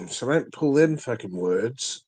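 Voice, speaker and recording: A man's voice: mid-range voice, lively intonation, slow pace, a little mellow, slightly rough, dry recording. A man, ranting angrily and profanely as a guest in a casual chat, full of threats. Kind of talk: angry rant in casual chat.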